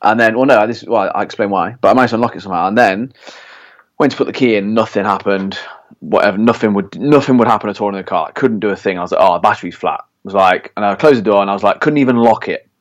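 A man's voice: fairly low pitch, fast. A young man co-hosting a podcast, rambling and swearing as he vents in casual chat. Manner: swears freely, rambling venting. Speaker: podcast co-host.

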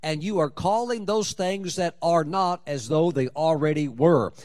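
Man, preacher, fairly high voice, emphatic, drawn-out stresses, sermon delivery. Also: darkish tone.

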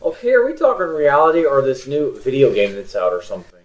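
Animated man spinning a comic tale. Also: medium pitch, fast talker, rough recording. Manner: animated, exaggerating storyteller. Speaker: podcast co-host. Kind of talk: comedic storytelling.

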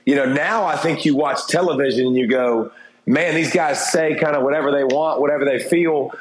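Talking fairly quickly in a fairly high voice, a middle-aged man who used to be a TV football analyst gives a candid, casual interview. He rambles, restarting and using fillers, and the recording has a roomy echo.

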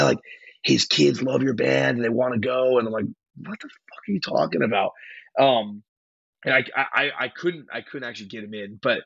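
Brief: young male guest, rambling slangy storyteller, husky voice, dry close sound. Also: mid-range voice, no echo, highs cut off. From California. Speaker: hardcore band vocalist, podcast guest. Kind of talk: casual interview chat.

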